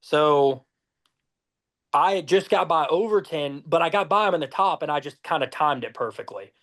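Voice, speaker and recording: A young man from Georgia, telling profane, lively race stories as a podcast guest. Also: a little high, normal speed. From Georgia, USA. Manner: profane, lively anecdotes with acted-out dialogue. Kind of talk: casual storytelling.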